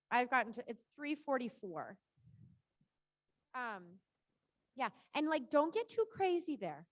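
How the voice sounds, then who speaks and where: A woman's voice: high voice, no room sound. A woman riding instructor coaching a rider through a live lesson, chatty and encouraging, often saying "right?" and "good".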